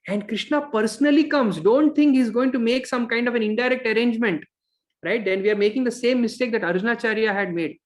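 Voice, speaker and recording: A man teaching a scripture class, telling a devotional story with pauses and fillers and acting out the characters' lines. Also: very high voice. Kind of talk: storytelling lecture. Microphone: online course recording.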